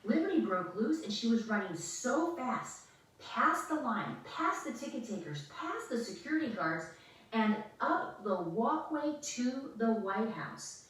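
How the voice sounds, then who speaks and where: A woman reading her children's story aloud in an expressive, animated way. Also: on the high side, unhurried. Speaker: author reading her book. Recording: echoey room, mic far off.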